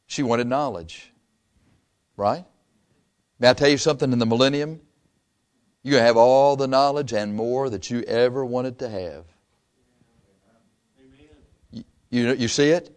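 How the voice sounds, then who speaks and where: A man preaching a sermon in a folksy, animated way, reading scripture briskly and dropping to low asides between loud points. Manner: reads scripture in a brisk run.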